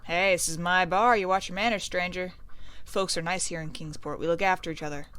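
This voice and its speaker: A woman voicing a gruff, folksy male bartender in a small port town, stern with strangers. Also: fairly low pitch, steady tone, a little fast, a bit bright, natural voice.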